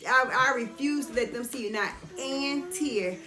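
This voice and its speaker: A middle-aged woman telling a story in an animated, casual way while getting her hair done, often checking whether the listener understands. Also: high-pitched, a little slow, reverberant. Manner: animated retelling, keeps asking "you understand?". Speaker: vlogger. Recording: busy background chatter.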